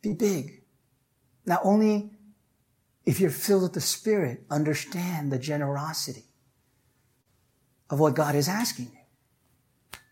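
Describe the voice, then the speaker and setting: A pastor delivers a sermon with a husky, slightly breathy voice that sits at a middling pitch. The delivery is chatty rather than formal, peppered with "right?" and "you know?" to draw the listeners in. When a point matters, the voice climbs higher and pushes harder. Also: a little slow, pauses often, darkish tone. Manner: conversational preaching with frequent "right?" and "you know?"; rises in pitch and force when stressing a point.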